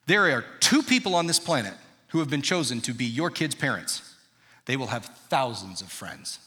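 A man's voice: mid-range voice, very animated, normal speed, sharp tone. A man in his thirties preaching a sermon as pastor, talking conversationally and quizzing the congregation in a large church auditorium. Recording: reverberant church hall.

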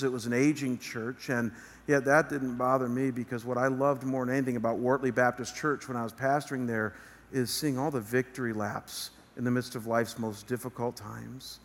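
Pastor guy preaching earnestly on stage, mid pitch, big hall echo. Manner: earnest preaching with rising emphasis. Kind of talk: sermon. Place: church stage. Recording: long reverb of a large hall.

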